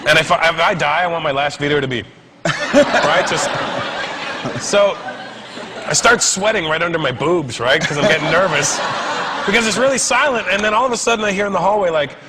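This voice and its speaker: A stand-up comedian telling a comic story in an animated way and acting out the other people in it. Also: male voice, on the high side, brisk, pauses often, noisy background.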